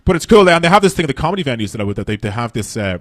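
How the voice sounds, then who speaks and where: A man's voice: mid-range voice, very animated, very fast, fairly bright tone, no echo. An Irish man doing stand-up comedy on a festival stage, brash and profane, rambling through his stories.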